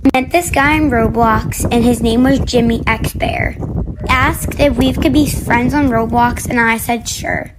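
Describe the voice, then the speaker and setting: Woman telling a story over background noise. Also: on the high side. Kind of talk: casual storytime.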